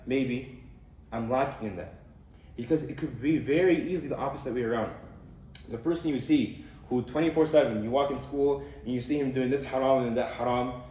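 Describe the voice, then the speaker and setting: A young man giving a casual talk on a hadith, explaining in a relaxed way with fillers and Arabic terms. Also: mid-range voice. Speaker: student speaker on hadith. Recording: echoey room from far off.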